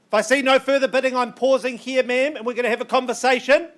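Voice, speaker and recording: A man working as an auctioneer, calling bids in a brisk, coaxing patter with banter, his voice strained and getting worn. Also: extremely high pitch, steady tone, a bit bright. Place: auction room.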